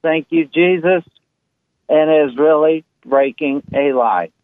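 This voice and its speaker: Male guest minister on a phone line, slow, measured, slightly high. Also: dry recording. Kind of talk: preaching on call-in radio.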